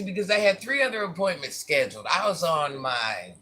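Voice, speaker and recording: Husky, bright-voiced man telling a story. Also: on the high side, very animated, fairly quick. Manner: candid, repeats phrases for emphasis. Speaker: vlogger. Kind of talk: casual storytelling to viewers.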